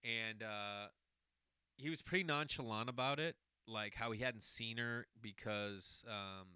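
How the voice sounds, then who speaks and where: A man in his forties from the Boston area hosts a podcast, unhurriedly telling a long personal story in a rambling, self-correcting, casual monologue. His lowish voice is bright, forceful and smooth. The studio sound is clean with no echo.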